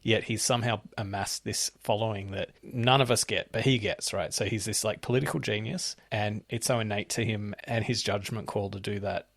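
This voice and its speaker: A low-voiced man with a gravelly, fry-edged tone co-hosts a casual political chat. He talks in loose, rambling runs, tagging "like" and "right?" onto his thoughts. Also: fairly even intonation, a little fast, few pauses, a bit bright, no echo, studio quality. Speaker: podcast co-host.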